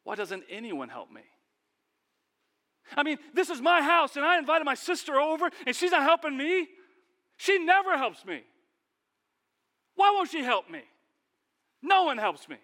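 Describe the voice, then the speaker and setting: A man's voice: very animated, fairly quick, few pauses, a bit bright. A man voicing an overworked, resentful woman who whines and complains indignantly, in a sermon. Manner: shrill complaining rants.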